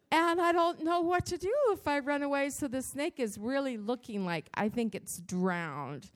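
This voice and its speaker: A woman giving a devotional church talk, telling a personal story in an animated, dramatic way, with her voice jumping up in pitch and loudness. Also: normal speed, hardly any pauses. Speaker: church speaker.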